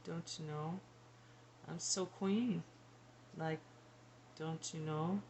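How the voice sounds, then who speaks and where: A woman's voice: low-pitched, fairly even intonation, drawn-out words, vocal fry, a little mellow, a little hiss or hum, full character voice, rough recording. A woman voicing the spirit of a prim, regal older British lady, speaking in a proper, haughty manner.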